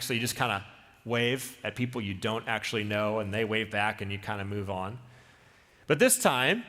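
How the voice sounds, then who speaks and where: A man preaching a sermon as a pastor, telling a story in the second person with lively, dramatic delivery. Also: medium pitch. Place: church sanctuary. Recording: long church reverb.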